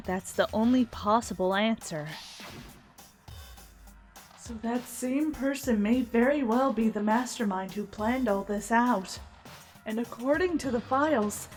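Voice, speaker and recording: A woman voicing a cool, guarded teenage girl detective, speaking low, quiet and measured. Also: close to an everyday voice. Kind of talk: dramatic reading of game dialogue.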